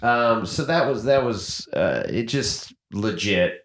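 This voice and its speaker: Male podcast host, low voice, very animated storyteller, roomy echo. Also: slow. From United States. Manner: animated, acts out quoted voices. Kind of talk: casual storytelling chat.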